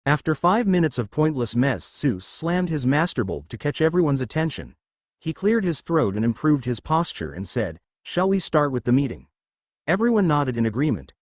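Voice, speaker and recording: Lively man reading a fan story. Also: fairly high pitch, normal speed, no room sound, clean studio sound. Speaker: narrator.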